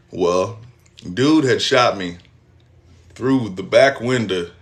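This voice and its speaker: A young man, telling a personal story in casual, profane, animated style. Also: lowish voice, slow pace, pauses often. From Texas, US. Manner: animated, profane storytelling with acted-out quotes and laughs.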